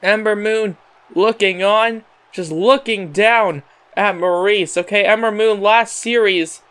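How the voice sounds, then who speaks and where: High, smooth-voiced man calling game wrestling. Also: slow pace. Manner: excitable announcer patter, repeating "however" and filler words. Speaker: gaming channel host. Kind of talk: play-by-play wrestling commentary over a video game.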